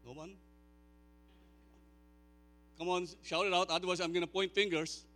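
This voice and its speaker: A man in his sixties preaching a sermon, chatting with the congregation and then swelling into loud, slow, emphatic declaiming. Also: high-pitched, level tone, slight background noise. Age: 60s. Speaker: pastor.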